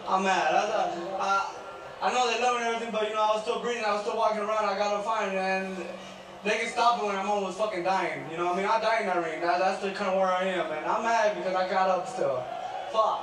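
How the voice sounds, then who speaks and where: A man's voice: sits high, fairly even intonation, fast, heavy reverb, distant mic, rough recording. A man speaking as a boxer in a post-fight interview, blunt and frustrated, swearing often.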